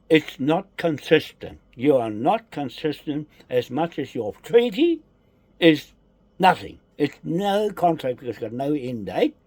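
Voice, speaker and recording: A man's voice: medium pitch, darkish tone, slightly rough, dry recording. A man delivering an angry, accusatory political rant, repeating his charges with heavy emphasis.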